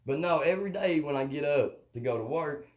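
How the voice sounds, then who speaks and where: On a live stream, a male comedian host delivers a rambling, profane comic monologue, repeatedly asking his audience "you know what I mean." He sits on the high side, sounds expressive, and talks a little fast. Captured on a phone or webcam, the audio quality is low.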